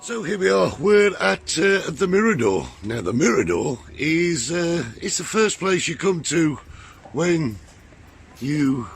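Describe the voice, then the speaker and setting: A man's voice: on the high side, very animated, takes it slowly, vocal fry, a little hiss or hum. An easygoing, teasing man hosting a casual talk show outdoors at a hilltop lookout. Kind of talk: casual chat.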